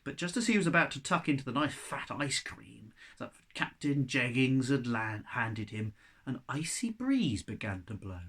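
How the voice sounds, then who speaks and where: A man reading a children's chapter book aloud, his pitch rising and falling with lively expression. His delivery is animated and expressive, the way a storyteller reads to young listeners. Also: breathy edge.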